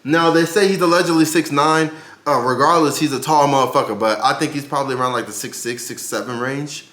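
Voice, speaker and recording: A man's voice: on the high side, fairly quick, fairly bright tone, echoey room. A man giving casual boxing commentary for his channel, brash and profane, ranting with big swings in his voice.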